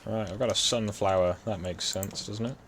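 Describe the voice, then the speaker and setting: A young man with a very low voice plays a game with a friend, muttering relaxed remarks to himself. A faint hiss sits under his voice. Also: normal speed. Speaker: let's play co-host. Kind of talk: casual gaming chat.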